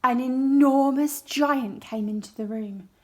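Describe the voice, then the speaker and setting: Teacher reading a story to young children, slow and clear, raised pitch. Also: female voice, a little mellow. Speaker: primary school teacher. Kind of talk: reading a story aloud for a lesson.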